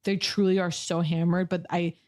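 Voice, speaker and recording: A woman co-hosting a podcast, telling a story with lively acted-out quotes and frequent laughter. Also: lowish voice, moderate pace, no echo, clean studio sound. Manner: animated, acts out quotes, laughs often. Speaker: podcast co-host. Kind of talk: comedic storytelling chat.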